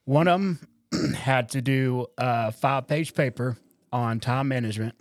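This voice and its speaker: A man's voice: medium pitch, unhurried, no room sound. Laid-back man telling an old story. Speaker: guest, former Marine. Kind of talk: casual chat.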